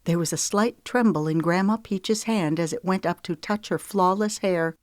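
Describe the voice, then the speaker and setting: Female audiobook narrator, lowish, even read, dry booth sound. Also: moderate pace, hardly any pauses, no room sound. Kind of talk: scripted storybook narration.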